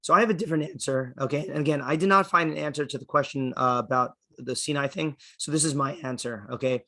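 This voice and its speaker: Man, fairly high-pitched, rabbi lecturing a class, conversational and explanatory, checks in often. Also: fast, a bit bright. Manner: thinks aloud with restarts. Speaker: rabbi teaching a Torah class.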